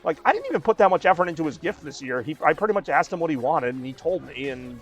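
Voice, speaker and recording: A man's voice: on the high side, big pitch swings, quick pace, muffled recording, soft background music. A man in his thirties streaming a game and chatting casually, rambling with lots of fillers. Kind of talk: casual chat while gaming.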